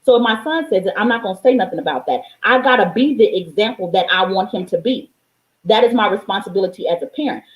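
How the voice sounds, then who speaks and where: A fast-talking woman life coach, an adult with a young child, preaches emphatically to her viewers in a motivational vlog monologue, repeating lines for stress and swearing openly. Her mid-range voice is animated, and the recording is rough with a roomy sound.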